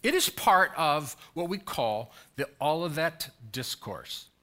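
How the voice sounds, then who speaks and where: A male pastor preaches with a bright, forceful voice that swings widely in pitch. He presses his congregation with urgent, repeated questions and pleas, his voice sitting a touch high for a man. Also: sing-song, slow. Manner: urgent, pleading preaching with emphatic repetition. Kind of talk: sermon.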